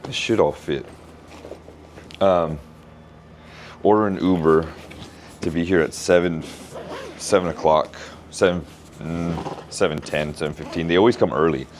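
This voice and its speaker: A man, a keynote speaker, chatting casually in a travel vlog and thinking out loud in a rambling way. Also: low voice, a little slow, pauses often, a little hiss or hum.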